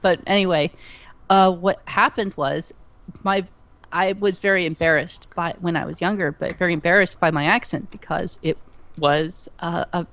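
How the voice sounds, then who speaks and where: A woman's voice: fairly low pitch, steady tone, moderate pace, fairly bright tone. A woman from Virginia chatting casually as a co-host on a game stream, rambling and restarting her sentences. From Virginia, United States. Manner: rambling, full of restarts and self-corrections.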